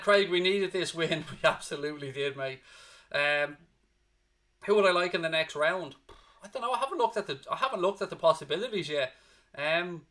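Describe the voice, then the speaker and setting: A man's voice: on the high side, sharp tone. A male fan channel host on a live post-match stream, reading out chat comments in an emotional, blunt way that wanders onto tangents, and exhausted.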